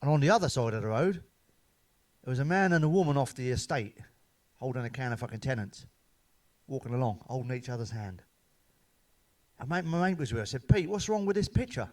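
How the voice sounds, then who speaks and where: A middle-aged stand-up comedian delivers a casual joke-telling monologue to camera, full of coarse, swearing jokes. His mid-range voice is expressive and a little fast.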